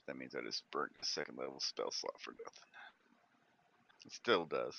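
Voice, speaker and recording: A man's voice: a bass voice, moderate pace, gravelly, bright, forceful tone. A man playing in a tabletop game, thinking his moves through aloud. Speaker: player. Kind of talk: casual tabletop play. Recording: dull lo-fi mic.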